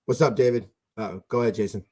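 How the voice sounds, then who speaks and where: A man's voice: fairly low pitch, quick pace, a little mellow, breathy edge. A man hosting a casual fan podcast over an internet call, telling rambling stories full of fillers and restarts. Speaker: podcast host.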